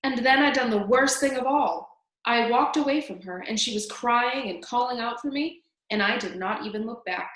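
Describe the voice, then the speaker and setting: Woman doing gruff, remorseful prisoner. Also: on the high side, moderate pace, a bit bright, natural voice. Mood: confessing. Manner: rough, folksy grammar. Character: gruff guilt-ridden male prisoner. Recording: roomy echo.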